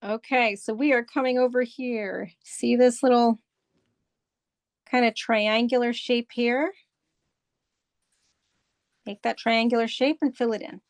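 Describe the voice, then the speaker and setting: A woman's voice: a little high, fairly even intonation, unhurried, long pauses, dry recording. A woman art instructor leading a step-by-step drawing lesson, patiently walking through and repeating each step. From United States.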